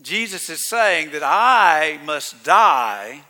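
A male pastor preaching a sermon in a folksy storytelling way, swinging between loud calls and hushed asides. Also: on the high side, very animated, very slow, long reverb tail.

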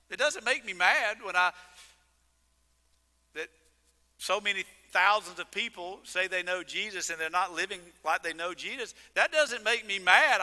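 Pastor guy preaching, high bright voice, lots of exclaiming, big echoey church. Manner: animated, exclaiming, jokes with the congregation. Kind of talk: sermon. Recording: long reverb of a large hall.

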